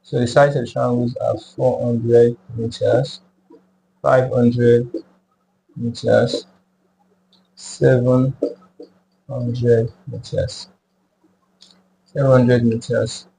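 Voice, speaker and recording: Guy explaining trig slow and careful, really gravelly low-key voice, says numbers twice, bit of hiss. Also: flat delivery, dark tone, poor audio. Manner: slow and deliberate, repeats numbers aloud. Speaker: math teacher. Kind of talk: step-by-step math tutorial.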